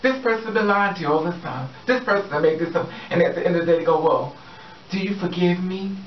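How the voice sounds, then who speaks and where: A sassy, animated man rants about someone straight to camera, his voice a little high. He sounds set back from a muffled mic in a roomy space, with faint ambient noise behind him. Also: very fast, far from the mic. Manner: sassy, animated, addresses the subject directly. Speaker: vlogger. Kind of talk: casual opinion rant to camera.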